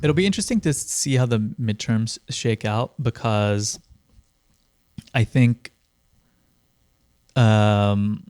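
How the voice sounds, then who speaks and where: A podcast co-host with a lowish, darkish voice chats about politics slowly, with long pauses, rambling and sardonic and full of fillers. The studio-quality recording is clean, with no echo.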